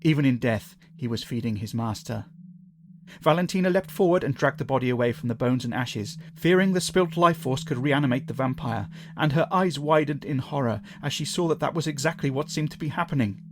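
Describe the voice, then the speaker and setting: A man's voice: medium pitch, a little fast, slight background noise. Man narrating a horror tale. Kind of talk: scripted horror story narration.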